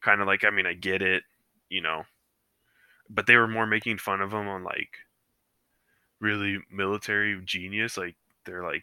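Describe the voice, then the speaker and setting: Very deep-voiced, bright casual talker. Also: male voice, flat delivery, normal speed, long pauses, clean tone, no echo. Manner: rambling storyteller with many fillers, acts out quotes. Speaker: podcast co-host. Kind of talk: casual chat. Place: living room couch.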